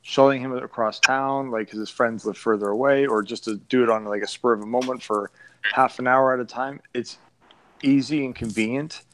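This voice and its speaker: A man's voice: medium pitch, fairly even intonation, fairly bright tone, poor audio. A man talking casually about his son, rambling with frequent restarts. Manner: rambling, halting, many restarts. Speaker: parent discussing his son. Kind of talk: casual podcast chat.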